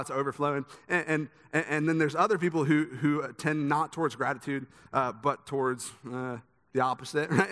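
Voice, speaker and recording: A man's voice: on the high side, fairly bright tone. A young man preaching a sermon, speaking conversationally with a lot of repeated words as he tells stories. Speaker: pastor. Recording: long hall reverb.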